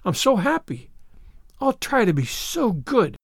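A man's voice: sits high, big pitch swings, brisk, dry recording, studio quality, voice pushed up. Man doing a gushing little orphan girl. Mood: tearfully glad. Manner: breathless, pleading, gushing. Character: eager imaginative orphan girl, about eleven. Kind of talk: audiobook character voice.

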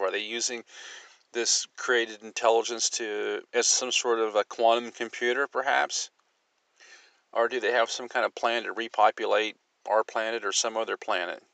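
A man reading an account aloud and then musing on it, in a measured, speculative storytelling manner. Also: fairly low pitch, gravelly, sharp tone, no echo.

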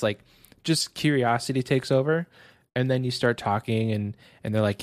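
A man's voice: fairly low pitch, a little fast, dry recording. A man chatting casually on a gaming podcast, laid-back and laughing, acting out little scenes. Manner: laid-back, laughs often, acts out scenarios. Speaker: co-host.

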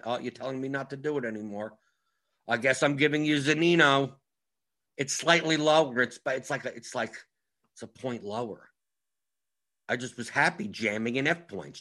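A man's voice: fairly high pitch, sharp tone. A man giving a casual tutorial on fantasy sports strategy, talking emphatically with frequent restarts.

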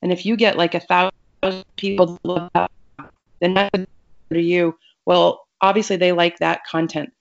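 Woman with a lowish voice coaching on a podcast, kinda muffled lo-fi sound. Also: little pitch movement, normal speed, vocal fry. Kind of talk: conversational podcast interview. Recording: muffled lo-fi audio.

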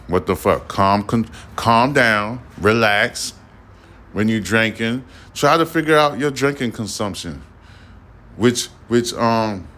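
Deep-voiced profane man ranting on news. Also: a bit bright. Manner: rambling, blunt, profane, lecturing. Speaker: podcast host. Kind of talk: casual news commentary podcast.

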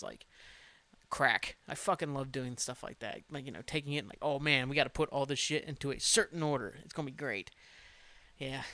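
A man's voice: mid-range voice, sharp tone, no echo. A man hosting a solo podcast, rambling casually, swearing freely and poking fun at himself. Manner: rambling, profane, self-mocking. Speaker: podcast host.

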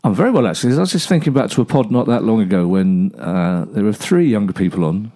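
Older man, co-host, teasing humour, rapid talk, warm dark tone. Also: fairly low pitch, lively intonation. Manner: wry, teasing. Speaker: podcast co-host. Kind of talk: casual football podcast chat.

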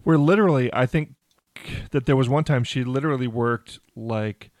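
A man hosting a casual podcast, telling a story in a halting way with many restarts and easy laughter. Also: medium pitch, darkish tone, no room sound. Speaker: podcast host.

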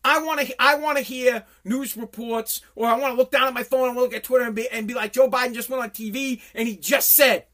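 A man's voice: very high-pitched, fairly even intonation, a little fast, few pauses, a bit bright. A man giving a heated, profane political rant as a commentator.

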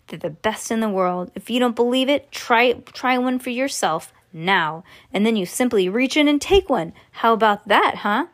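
An eccentric, excitable chocolate maker, as a woman reading aloud puts him on. He explains things eagerly in a fairly high voice and breaks into excited exclamations, like a storybook read at home. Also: moderate pace, few pauses, lightly acted.

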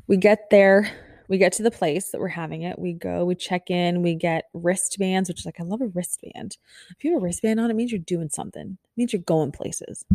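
Chatty woman telling a story, low voice. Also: no room sound, clean studio sound. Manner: chatty, self-deprecating, animated storytelling. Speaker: podcast host. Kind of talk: casual storytelling.

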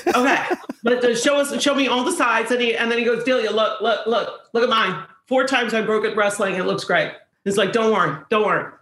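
A woman, an actress guest, telling an animated behind-the-scenes story with quick quoted lines. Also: a little high, reverberant, poor audio. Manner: fast storytelling with quoted voices. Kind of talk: animated anecdote.

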